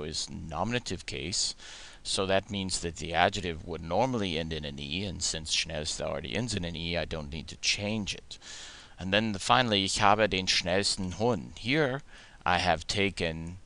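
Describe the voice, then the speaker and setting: A man teaching German grammar in a recorded lesson, methodically explaining forms and slowing down to model the German words. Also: low voice, sharp tone.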